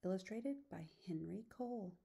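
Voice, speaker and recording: A woman teacher reading a children's picture book aloud, soft and often hushed. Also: mid-range voice, moderate pace, gravelly.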